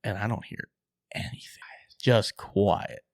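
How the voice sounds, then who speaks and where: A man co-hosting a podcast, excitedly telling a hunting story, acting out his own quotes and swearing casually. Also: fairly low pitch, measured pace, no echo, studio quality.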